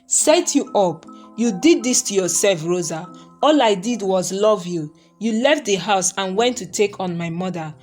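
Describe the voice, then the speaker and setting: A woman's voice: medium pitch, animated, unhurried, darkish tone, faint music behind, natural voice. A woman voicing a manipulative wealthy young woman who acts indignant and wronged, in a storybook reading. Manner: indignant, theatrical.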